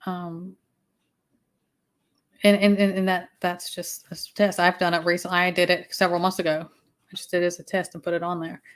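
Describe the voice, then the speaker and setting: Woman, Southern US accent, casual livestream host, rambling, fillers, slightly low voice. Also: flat delivery, moderate pace, pauses often. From Southern United States. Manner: chatty, rambling with fillers and restarts.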